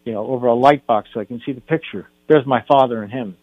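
A man's voice: mid-range voice, fast talker, breathy edge, dry recording. Older man telling a personal story. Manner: earnest, personal storyteller who stops and restarts sentences. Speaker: film director guest. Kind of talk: radio interview storytelling. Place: radio studio. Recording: dull radio broadcast.

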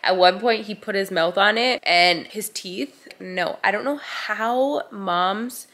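A woman's voice: mid-range voice, takes it slowly, fairly bright tone. A woman with a sore throat and a congested voice, telling a casual storytime vlog as a mom, in a chatty way full of "like.". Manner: chatty, filler-heavy retelling with many "like"s. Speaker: vlogger and mom.

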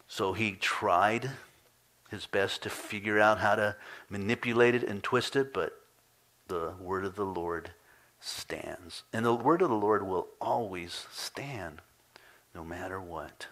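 A man preaching a sermon as pastor, reading scripture dramatically, rising into pleading cries and dropping to quiet emphasis. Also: on the low side, slow. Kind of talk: expository sermon. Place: church sanctuary.

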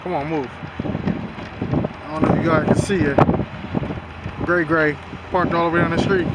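A man's voice: fairly high pitch, fairly even intonation, measured pace. A man casually vlogging with his family, calling viewers y'all and leaning on fillers. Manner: laid-back, addresses viewers as y'all, repeats fillers. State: out of breath. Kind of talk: casual vlog to camera. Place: out and about while shopping, then at home. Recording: loud background noise, traffic.

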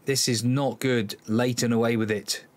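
A man's voice: medium pitch, steady tone, moderate pace. A man hosting a football management let's-play, commenting live on the match, exasperated and sighing, talking to his players. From Cornwall, England.

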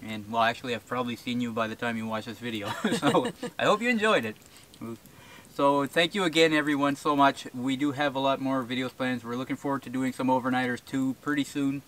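A man's voice: medium pitch, little pitch movement, fast, few pauses, fairly bright tone. Easygoing man chatting outdoors. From rural New Brunswick, Canada. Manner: easygoing, rambling, frequent fillers and chuckles. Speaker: bushcraft channel host. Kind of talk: casual chat to camera. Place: outdoors in the woods. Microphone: camera-mounted shotgun mic.

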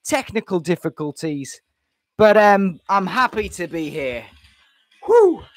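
A man's voice: sits high, very animated, slow, dry recording. Breathless chatty man host. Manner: chatty, self-deprecating, repeats himself. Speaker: livestream host. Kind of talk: casual live-stream chat. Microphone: webcam setup.

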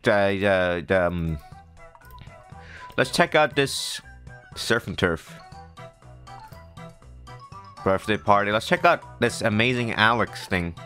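A man giving excitable let's-play commentary, talking to himself and shouting at the game. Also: fairly low pitch, slow, pauses often, faint music behind. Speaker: gamer.

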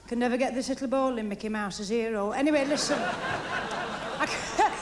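A woman doing a stand-up routine, gossiping in a chatty way and firing off deadpan one-liners while laughing at her own jokes. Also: a little high, moderate pace, background noise. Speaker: stand-up comedian. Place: TV studio stage before live audience. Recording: archive TV recording with audience laughter.

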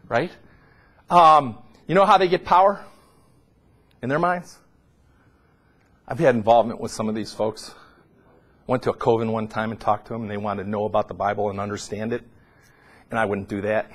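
A middle-aged man preaching a sermon, swinging between loud, high emphatic peaks and low, quiet asides. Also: breathy edge.

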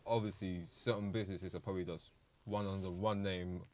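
A man's voice: low-pitched, flat delivery, fairly quick, darkish tone. A young man explaining things in a laid-back way, often saying "you get me". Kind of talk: casual podcast chat. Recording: faint background noise.

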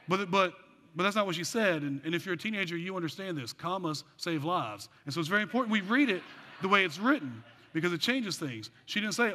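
A man preaching a sermon as pastor, animated with joking asides, then dropping into quiet earnest passages. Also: high voice, fairly quick. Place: church sanctuary. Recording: long church hall reverb.

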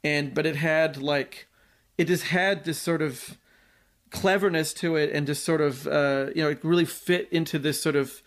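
A man in his forties co-hosting a podcast, chatting casually and rambling through his memories. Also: medium pitch. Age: 40s. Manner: rambling, full of likes and restarts, laughs easily. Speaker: podcast co-host. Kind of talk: casual chat.

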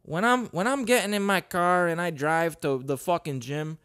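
A man hosting a casual solo podcast, rambling, swearing a lot and breaking into sudden loud outbursts. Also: a little high, moderate pace, hardly any pauses, smooth, soft background music. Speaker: podcast host.

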